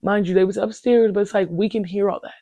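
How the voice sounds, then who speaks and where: A woman in her twenties tells a story on her podcast in an animated, slangy way, swearing freely as she vents. Her voice sits in an ordinary middle register, and the recording is dry and close with no room sound. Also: medium pitch, fast talker, no echo, highs cut off. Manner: animated, profane, slangy venting. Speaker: podcast host. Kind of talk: casual storytelling monologue.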